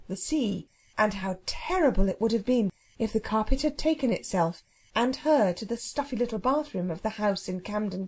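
A woman narrating a children's audiobook with expressive, measured storytelling. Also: medium pitch, slightly rough. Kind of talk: storybook reading.

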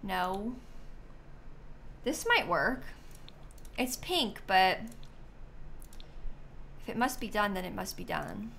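Chatty woman streamer, lively pitch. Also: slow, vocal fry, pauses often, slight background noise. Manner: chatty, thinking aloud while playing. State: sleepy, yawning. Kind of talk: casual gameplay commentary.

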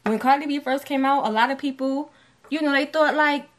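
A woman's voice: high-pitched, steady tone. A woman with a New York accent, co-hosting a casual podcast and arguing her point emphatically. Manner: emphatic, insistent, quick to argue. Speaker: podcast co-host. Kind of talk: casual argumentative chat.

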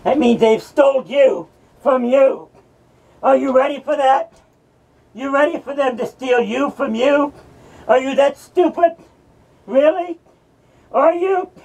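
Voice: sits high, takes it slowly, pauses often, darkish tone, distant mic, rough recording. A performer voicing a mocking male madman from hell who hosts a horror rant, taunting and cursing at the listeners. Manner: ranting, taunting, cackling, profane.

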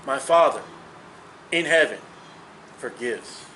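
A man's voice: medium pitch, expressive, takes it slowly, pushed and bright, slight background noise, poor audio. A man in his fifties teaching a Bible study in an earnest, emphatic, personal way, talking straight to his listeners. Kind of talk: conversational Bible study preaching.

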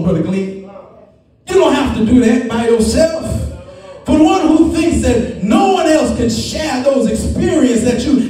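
Preacher man, really high voice, sings and shouts his lines, echoey church from far off, organ behind. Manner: preaching with sung, shouted lines and rising refrains. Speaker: guest preacher. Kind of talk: sermon. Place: church sanctuary. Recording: echoey church hall, distant mic.

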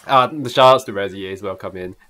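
A young man with a Singaporean English accent, chatting casually and excitably on a live stream and laughing often. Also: fairly low pitch, quick pace.

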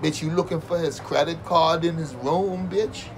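A man's voice: fairly high pitch, steady tone, normal speed, noisy background. A man doing a profane comedic rant, mocking and sarcastic, swearing constantly and breaking into fake wailing.

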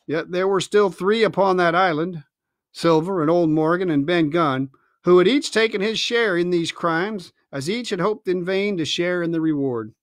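A man reading an adventure novel aloud, his fairly high voice rising and slowing for dramatic moments. The sound is close and dry, with little room around it. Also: dry recording. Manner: expressive storytelling. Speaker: reader.

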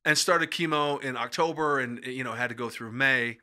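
A middle-aged American man telling personal stories as a podcast guest, animated and acting out quoted voices. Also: medium pitch, moderate pace. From USA. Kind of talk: casual storytelling in conversation.

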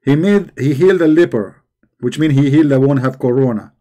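A man's voice: medium pitch, mellow. Sarcastic man hosting a call-in show. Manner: sarcastic, teasing, halting with fillers. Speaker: host.

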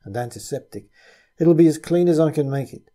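A man reading as a blunt, pragmatic rogue who talks in a matter-of-fact way. The voice is dark and mellow with a husky grain. It sounds like a storybook reading. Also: fairly high pitch, lively intonation, fairly quick, pitched above the performer's own voice. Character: blunt, pragmatic one-handed adult man.

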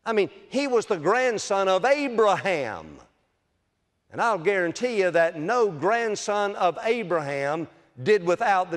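A man, preaching a sermon as a pastor in a folksy storytelling manner and speaking directly to his listeners as "friend.". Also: fairly high pitch. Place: church sanctuary. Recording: long church hall reverb.

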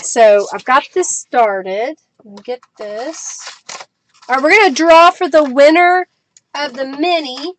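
A woman's voice: high-pitched, a bit bright, a little hiss or hum. A middle-aged woman hosting a live crafting stream, chatting with viewers as she works and laughing often. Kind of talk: casual live-stream chat.

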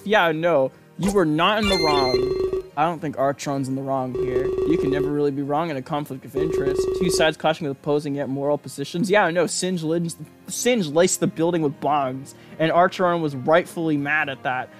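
A man's voice: a little high, brisk. A man reading a visual novel aloud and breaking in with profane, sarcastic commentary. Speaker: let's play narrator. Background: background game music.

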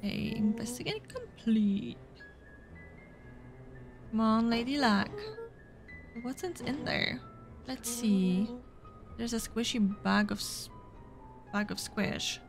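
Slow-talking woman gamer. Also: fairly high pitch, lively intonation, creaky, over music. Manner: casual, playful, with fillers. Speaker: let's play gamer. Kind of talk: reading game dialogue aloud.

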